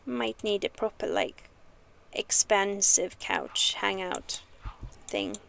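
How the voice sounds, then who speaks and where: A woman's voice: mid-range voice, slow, creaky, a bit bright, a little hiss or hum. A woman from Sweden with a Swedish-tinged English accent, chatting casually and thinking aloud as she livestreams a game. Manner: chatty, rambling, thinks aloud while playing. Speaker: streamer. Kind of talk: casual live gameplay chat.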